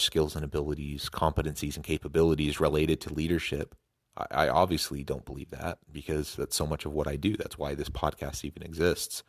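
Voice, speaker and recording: A man's voice: rumbling low, dry recording, clean studio sound. A man hosting a podcast, reflecting on a talk with frequent restarts. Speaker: podcast host. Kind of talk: podcast commentary.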